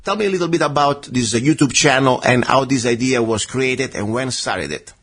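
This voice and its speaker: A man hosting a talk radio show, lively and joking, quick to laugh with his guest. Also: medium pitch, a little hiss or hum. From outside the United States.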